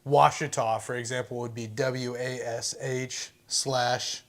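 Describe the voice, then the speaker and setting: A man's voice: medium pitch, level tone, takes it slowly. A man co-hosting a casual livestream, joking in a folksy way. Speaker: co-host.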